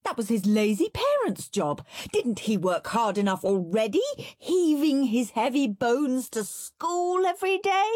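Expressive woman reading a storybook. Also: on the high side, unhurried, few pauses, dry recording, studio quality. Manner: expressive, lively. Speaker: reader.

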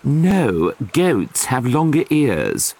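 A man's voice: medium pitch, huge pitch swings, drawn-out words, gravelly, a little mellow, heavily acted. A man voicing a small, timid mouse in a storybook reading, speaking politely and pleadingly. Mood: matter-of-fact. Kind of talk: storybook character voice.

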